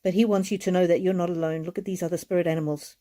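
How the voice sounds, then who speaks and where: Female card reader on a live stream; mellow, heartfelt, slightly tearful delivery. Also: lowish voice, fairly even intonation, rapid-fire. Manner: gentle, repetitive, heartfelt.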